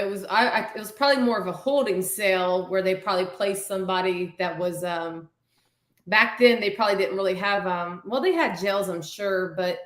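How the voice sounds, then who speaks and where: Chatty woman in an echoey room. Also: medium pitch. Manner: chatty, reactive. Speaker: paranormal investigator. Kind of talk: casual chat. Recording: roomy echo.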